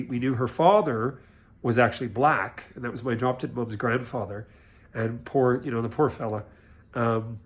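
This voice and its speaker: A middle-aged man, a psychic, talking in a rambling, chatty vlog monologue and laughing often. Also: mid-range voice.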